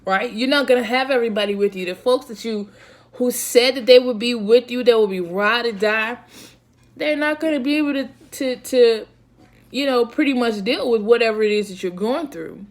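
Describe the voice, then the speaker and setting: Lively slangy woman giving a devotional talk. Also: on the high side, moderate pace. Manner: lively and conversational, slangy, asks "right?". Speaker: Christian speaker.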